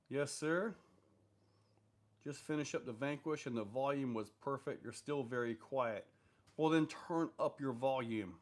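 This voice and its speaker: On a casual live stream, a man with a medium-pitched, unhurried voice reads viewers' comments aloud. He answers their questions in a rambling, loose manner full of fillers.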